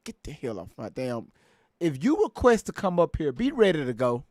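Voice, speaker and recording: A man's voice: fairly high pitch, huge pitch swings, moderate pace, darkish tone, dry recording. A man hosting a live stream, chatting loosely with a lot of laughter and cursing. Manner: laughing, profane, loose banter. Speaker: livestream host. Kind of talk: casual live-stream chat.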